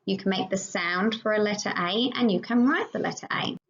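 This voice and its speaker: A woman teacher with an Australian accent giving a slow, encouraging phonics lesson to young children, sounding out each letter. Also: mid-range voice, fairly bright tone. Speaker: prep teacher. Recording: dull lo-fi sound.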